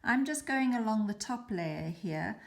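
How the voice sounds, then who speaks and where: A woman hosting a beading tutorial, calmly explaining each step as she works. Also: mid-range voice, a little slow, vocal fry. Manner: calm, chatty explaining while working. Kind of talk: step-by-step craft demonstration.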